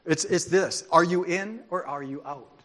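A man preaching a sermon as pastor, speaking in an animated, informal way with restarts and asides. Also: on the high side, moderate pace. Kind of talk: conversational sermon.

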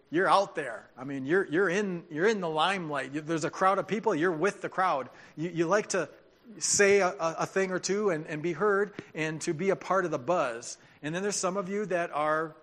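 A man's voice: on the high side, fairly bright tone. A male pastor giving a sermon, reading scripture dramatically and then talking it through in a plain, conversational way.

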